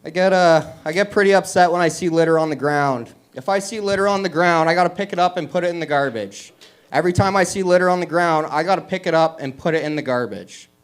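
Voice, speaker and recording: A man doing stand-up, delivering dry one-liners and pausing before each punchline at a small open mic. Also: a little high, clean tone. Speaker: stand-up comedian. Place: small comedy venue with audience.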